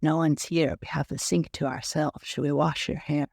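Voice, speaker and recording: A man voicing a heavy, awkward fifty-year-old son who speaks softly and coaxingly, with a very gravelly voice. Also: on the high side, flat delivery, moderate pace, no room sound, clean studio sound. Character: heavy awkward middle-aged man, gentle.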